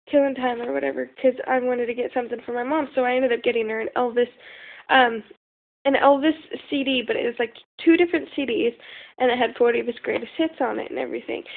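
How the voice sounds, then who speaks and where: A woman's voice: sits high, vocal fry, phone-quality sound. A young woman telling a rambling story in casual talk, full of fillers and the odd swear word, recorded on a phone. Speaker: vlogger.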